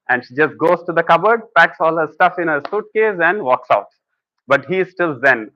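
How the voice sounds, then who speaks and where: A man with a fairly high voice gives a conversational spiritual lecture at normal speed, often telling stories and acting out quotes from people. The audio is dull, with no echo.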